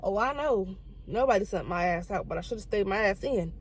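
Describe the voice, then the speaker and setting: A young woman telling a profane, animated story and acting out the people in it. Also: medium pitch, a little hiss or hum. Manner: fast, profane, animated storytelling with quoted voices. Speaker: vlogger. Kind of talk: casual storytime.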